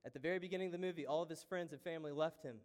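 A male pastor preaching a sermon, moving from hushed, reflective lines to loud, fervent ones. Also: on the high side, very fast. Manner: impassioned preaching with wide swings from hushed to loud. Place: church sanctuary.

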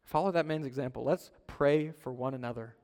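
A male pastor preaching an earnest sermon, swinging between loud urging and soft, low pleading. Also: a little fast. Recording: long hall reverb.

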